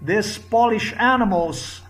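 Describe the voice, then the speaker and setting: A man's voice: high-pitched, slow pace, a bit bright. A man delivering an angry, repetitive monologue to camera, full of heated crude outbursts. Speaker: vlogger.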